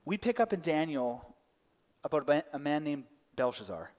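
A man's voice: fairly high pitch, moderate pace, big-room sound. A man in his thirties preaching a sermon, telling stories and acting out voices. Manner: lively storytelling, acting out voices. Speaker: pastor.

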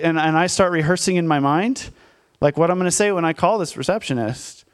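A man's voice: on the high side, brisk, few pauses, clear, resonant tone. A man in his thirties, a pastor telling a personal story in a candid, self-deprecating conversational sermon to his congregation.

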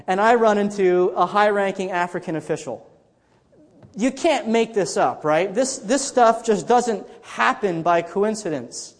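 Conversational pastor in a reverberant church. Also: male voice, high voice, measured pace. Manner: conversational storytelling with frequent restarts. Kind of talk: sermon.

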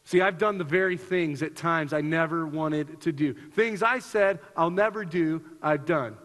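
High-voiced preacher in a reverberant hall. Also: male voice, a little slow, fairly bright tone. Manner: earnest, repeats himself, rises in pitch for emphasis. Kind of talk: sermon.

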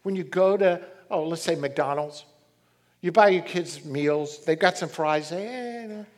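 Middle-aged male preacher, slightly high-pitched, animated storyteller. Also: a little slow. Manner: animated storytelling, reads scripture aloud. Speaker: pastor. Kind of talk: sermon.

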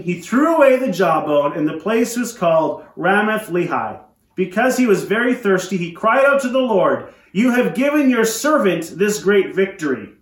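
A male pastor preaching a sermon, retelling a story in an animated way with joking asides. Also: high voice, reverberant. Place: church.

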